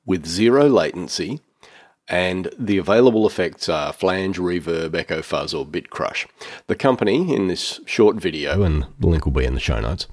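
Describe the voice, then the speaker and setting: A man with a low, deep voice hosts a podcast in a relaxed, chatty way. He reads a listener's essay aloud and drifts into his own asides, with frequent "uh" fillers. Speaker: podcast host. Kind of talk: casual podcast talk and reading a listener's essay.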